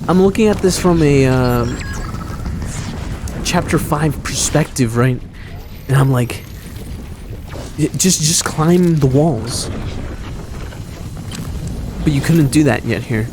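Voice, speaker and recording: A man's voice: on the high side, slow, pauses often, noisy background. Rambling man commenting on his game. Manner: rambling, self-mocking, chuckling. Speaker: gaming commentator. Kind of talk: casual gameplay commentary.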